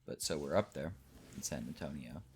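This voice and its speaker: A man's voice: extremely low pitch, lively intonation, brisk, a little hiss or hum. A young man in his late teens from Texas, telling a rambling, casual party story over gameplay. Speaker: gaming channel host.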